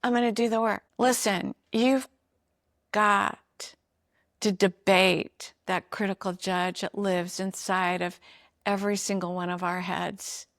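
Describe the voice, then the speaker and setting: Woman podcast host, earnest and encouraging, unhurried delivery, dry close sound. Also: medium pitch, steady tone, a bit bright, dry recording. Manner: earnest, encouraging, speaks directly to listeners. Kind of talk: motivational talk on emotions.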